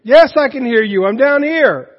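A man's voice: very high voice, lively intonation, moderate pace, long reverb tail, muffled recording. A pastor playing a frantic man dangling from a cliff. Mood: desperate. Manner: shouting, pleading. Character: panicked man hanging from cliff branch.

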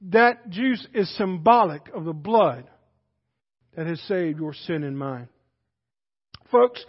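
Casting: high-pitched male pastor, fiery sermon, muffled recording. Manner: swings between shouted exhortation and hushed intensity. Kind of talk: impassioned sermon. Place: church sanctuary. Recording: dull recording with long reverb in a church hall.

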